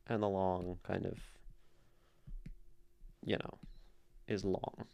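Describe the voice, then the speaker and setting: Slow, smooth-voiced man explaining poetry. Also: low-pitched, fairly even intonation, darkish tone. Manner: thinks aloud, reads chat questions, explains patiently. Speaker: streamer host critiquing poetry. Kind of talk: casual live-stream poetry lesson.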